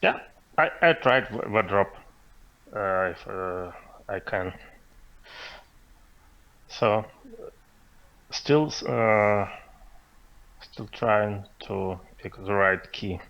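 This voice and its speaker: A man playing a tabletop game, speaking haltingly and fumbling for words. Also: on the low side, vocal fry. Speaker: player. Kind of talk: casual tabletop play. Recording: lo-fi dull mic.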